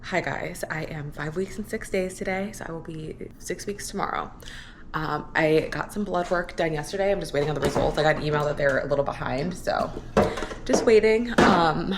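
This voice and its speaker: A woman's voice: on the low side, a little fast, very noisy. A young woman vlogging from home, talking frankly in a rambling, chatty way with many fillers. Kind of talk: candid diary vlog. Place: at home, indoors. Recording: echoey room, mic at a distance.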